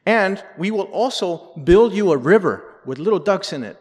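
A man's voice: sits high, expressive, normal speed, voice pushed up. A man voicing a male mayoral candidate who gives a grand, rallying campaign speech full of empty promises. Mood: boastful. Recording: long reverb in a large hall.

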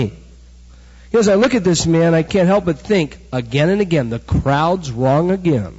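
Preacher, male, middle-aged, fairly high and a bit husky, dull lo-fi sound. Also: moderate pace. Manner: animated storytelling preacher, acts out quotes. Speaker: pastor. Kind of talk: sermon. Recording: dull recording with hall echo.

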